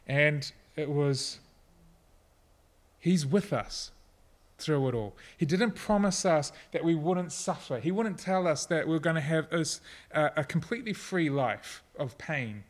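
A middle-aged man preaching a sermon, earnest and personal, at times soft and reflective. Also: a little high, lively intonation, a little slow. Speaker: pastor.

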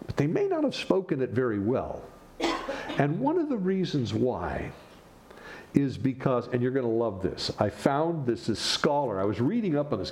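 A man preaching a sermon as pastor, animated and joking with the congregation between points. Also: medium pitch.

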